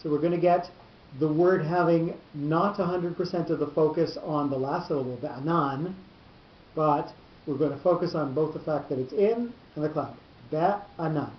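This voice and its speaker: A teacher giving a lesson on cantillation notes, explaining slowly and often repeating words as he goes. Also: medium pitch, roomy sound, lo-fi sound. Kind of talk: lecture on cantillation.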